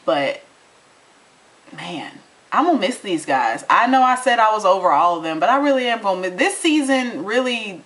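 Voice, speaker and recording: A woman's voice: mid-range voice, moderate pace. A young adult woman chats through a reality TV recap with real heat. She swings from indignant outbursts to loose, folksy asides, sounding a bit winded by the end. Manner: animated, indignant, folksy Southern US turns of phrase. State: out of breath. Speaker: TV recap vlogger. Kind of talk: casual recap chat.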